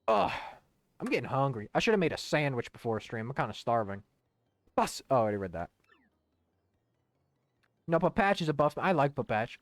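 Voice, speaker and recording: A man's voice: medium pitch, very animated, a little fast, long pauses, no room sound. A young man casually streaming a video game, rambling, swearing and humming to himself. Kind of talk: casual gaming stream chat.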